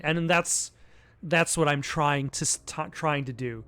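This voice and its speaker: A man's voice: a little high, a little slow, fairly bright tone, smooth. A man giving casual gameplay commentary, rambling and self-deprecating with lots of hesitant restarts. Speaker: let's play commentator.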